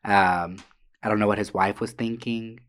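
A woman's voice: very deep voice, fairly even intonation, normal speed. A woman co-hosting a casual chat, telling stories bluntly with plenty of swearing. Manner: blunt, profane storytelling.

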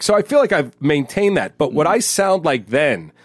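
A man's voice: a little high, very animated, normal speed, dry recording, clean studio sound. A man in his fifties from New York, co-hosting a podcast in casual chat, joking and telling stories. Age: 50s. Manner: chatty, joking, storytelling. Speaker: podcast co-host.

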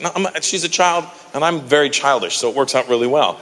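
A man doing a stand-up routine, telling stories with animated energy and yelling out the voices of the people in them. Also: medium pitch, fast talker, few pauses, long reverb tail. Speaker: stand-up comedian.

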